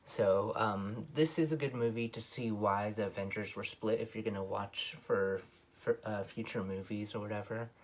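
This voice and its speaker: A man's voice: fairly low pitch, steady tone, moderate pace. A man giving a casual, rambling film review, full of ums and self-corrections, his voice jumping up on emphatic points. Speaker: movie reviewer.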